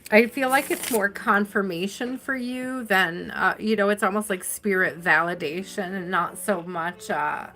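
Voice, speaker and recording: A woman's voice: medium pitch, bright, forceful tone, a little hiss or hum. A woman doing a live tarot reading, chatty and affectionate, tired and yawning, stretching out key words. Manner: chatty and affectionate, drawn-out stresses, frequent laughs. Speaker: tarot reader.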